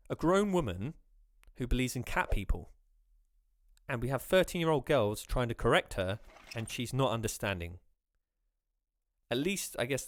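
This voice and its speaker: A man's voice: lowish voice, no echo, studio quality. A man giving sarcastic social commentary and reading out viewer comments. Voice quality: mocking sarcasm.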